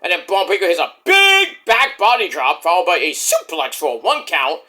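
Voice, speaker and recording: Guy recapping wrestling, high bright voice, swings all over the place, curses a lot. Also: normal speed. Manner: animated, swearing, acts out voices. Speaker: wrestling reviewer. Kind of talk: casual recap.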